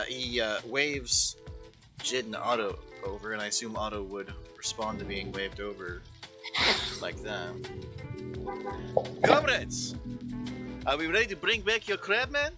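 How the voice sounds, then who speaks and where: A man's voice: lowish voice, sharp tone. Game master man narrating over music. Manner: halting, many restarts and fillers. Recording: music playing behind.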